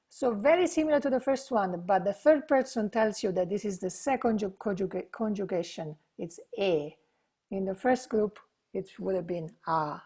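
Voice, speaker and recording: A woman's voice: medium pitch, moderate pace, warm tone, husky. A woman teaching an online language lesson, patiently explaining and drilling verb forms aloud. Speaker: Italian teacher.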